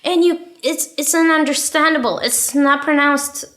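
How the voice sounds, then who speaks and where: A woman in casual chat as a guest author, blunt and profane, full of fillers and quick restarts. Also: sits high, a bit bright. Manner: talks fast with many fillers and restarts.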